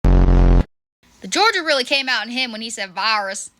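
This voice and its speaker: This reaction video creator has a medium-pitched voice that swoops wildly, and she speaks unhurriedly with long pauses. Her casual commentary is sarcastic and chatty, peppered with swearing and laughter, against noticeable background noise.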